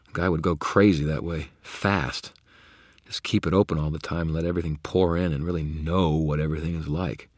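A man's voice: extremely low pitch, no room sound, studio quality. A man narrating a first-person story in a gritty, understated way. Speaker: audiobook narrator.

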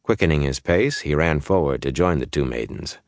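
A man reading a fantasy novel aloud as an audiobook narrator, in a measured, even way. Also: very deep voice, no echo, clean studio sound. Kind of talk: scripted narration.

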